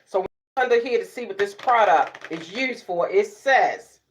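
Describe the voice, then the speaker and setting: A middle-aged woman vlogger, chatting casually to camera, sassy and loud, laughing often and cussing freely. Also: medium pitch, lively intonation, unhurried, a little hiss or hum. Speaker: beauty vlogger.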